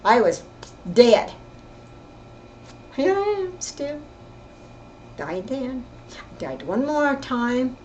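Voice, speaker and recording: An older woman telling her own story in casual, rambling speech, often halting and repeating herself. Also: sits high, big pitch swings, a little mellow, lo-fi sound, slight background noise. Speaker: interviewee recounting her life. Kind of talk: casual spoken reminiscence.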